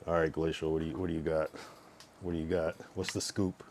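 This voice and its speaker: A man casually chatting on his live stream, rambling and relaxed, with a lot of fillers and swearing. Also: very deep voice, a little fast, slight background noise. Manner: laid-back, rambling, heavy use of fillers and swearing.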